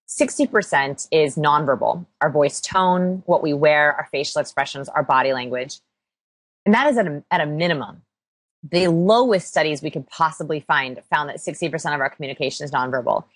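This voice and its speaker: A woman interviewed as an expert, explaining energetically with quick examples. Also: low voice, no echo. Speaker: interview guest, body language expert. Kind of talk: podcast interview.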